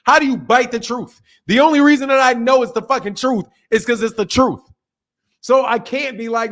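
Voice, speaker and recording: A man hosting a boxing channel, delivering a loud, profane, fired-up rant in casual stream talk, laughing between points. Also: very high voice, animated, moderate pace.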